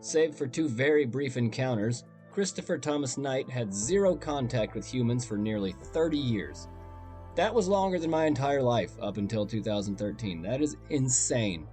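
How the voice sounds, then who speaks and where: A man's voice: medium pitch, lively intonation, moderate pace, dark tone, faint music behind. A man hosting a storytelling podcast, talking in a conversational, wry and self-deprecating way. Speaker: podcast host and narrator.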